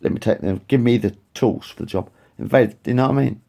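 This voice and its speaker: A man's voice: mid-range voice, fast talker, vocal fry, warm tone. A man venting in a rambling, profane rant to camera, angry and repeating himself. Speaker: vlogger. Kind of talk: ranting monologue to camera.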